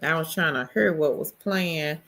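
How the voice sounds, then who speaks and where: A woman's voice: low voice, moderate pace, a bit bright. A woman co-hosting a casual livestream, chatty as she greets viewers and reads their comments aloud. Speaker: livestream co-host. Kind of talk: casual live chat.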